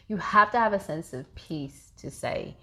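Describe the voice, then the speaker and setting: Brief: woman, 30s, lower pitch, animated candid podcast guest who laughs a lot. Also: moderate pace. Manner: animated, laughs often, repeats herself. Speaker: therapist guest. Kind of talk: casual podcast interview.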